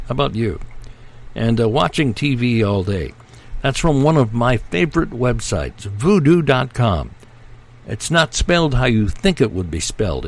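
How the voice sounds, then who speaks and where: A man's voice: medium pitch, gravelly. A man hosting a casual news roundup, reading items and adding wry joking asides. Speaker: host.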